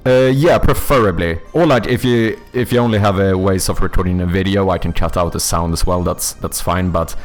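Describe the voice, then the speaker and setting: A man's voice: sits low, steady tone, brisk, few pauses, faint music behind. A young man, chatting casually with viewers while making a game on stream, rambling and joking with casual swearing.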